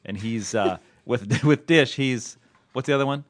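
A man's voice: medium pitch, measured pace. A man co-hosting a podcast, easygoing and riffing with his cohost in casual chat. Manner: easygoing, laughs and riffs with cohost. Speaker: podcast co-host.

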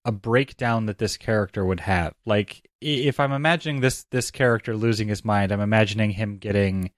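A man's voice: fairly low pitch, no echo, studio quality. A man co-hosting a podcast, joking around and talking about a film with lots of "like". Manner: quick, joking, uses like often. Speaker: podcast co-host. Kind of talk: casual film discussion.

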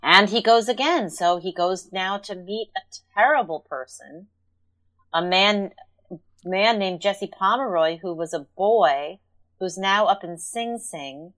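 A woman's voice: medium pitch, a little slow, fairly bright tone. A woman co-hosting a podcast, talking casually and thoughtfully about a TV episode, with many fillers. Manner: thoughtful, analytical, with frequent fillers. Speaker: podcast co-host. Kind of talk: casual chat recapping a TV episode.

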